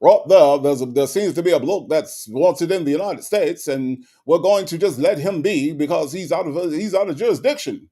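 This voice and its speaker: A man's voice: fairly high pitch, normal speed, hardly any pauses, dark tone, pitched above the performer's own voice, natural voice. A man putting on a prim British bobby. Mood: mocking. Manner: mock-pompous put-on British accent. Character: prim British police officer, male, adult.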